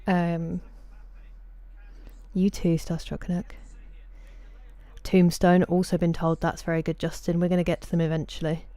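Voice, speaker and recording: A woman's voice: lowish voice, level tone, moderate pace, pauses often, dark tone, no room sound. A woman streamer in casual live-stream chat, answering viewers' messages by name at a desk microphone in a room at home.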